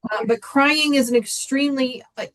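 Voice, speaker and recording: A woman's voice: sits high, moderate pace, fairly bright tone, low-quality recording. A woman in a casual livestream chat, speaking earnestly and encouragingly, often restarting her sentences. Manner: earnest, encouraging, repeats words when starting.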